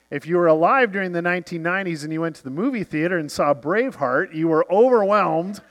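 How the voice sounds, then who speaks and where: Sex: man. Role: pastor. Style: storytelling sermon. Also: fairly high pitch. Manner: storytelling, quoting famous speeches dramatically.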